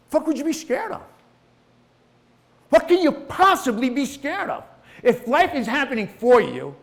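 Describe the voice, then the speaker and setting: A middle-aged man delivers a fired-up motivational talk in a high, lifted voice. He preaches, drops to near hushes, then surges loud, with casual swearing mixed in. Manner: impassioned, preachy, swings between hushed and loud. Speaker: motivational speaker. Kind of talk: motivational speech.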